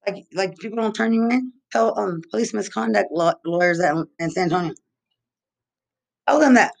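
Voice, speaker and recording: A woman's voice: mid-range voice, brisk, gravelly. A woman from Texas delivering an angry, rambling monologue full of repeated accusations and profanity. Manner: agitated, accusatory, repetitive, profane.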